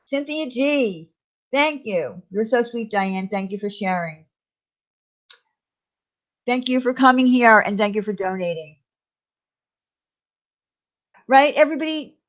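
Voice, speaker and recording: On a casual live stream, a woman with a somewhat high, lively voice chats with viewers and reads their comments aloud, speaking at a measured pace with long pauses. She's chatty and reassuring, addressing people in chat by name. The stream audio is lo-fi and slightly dull.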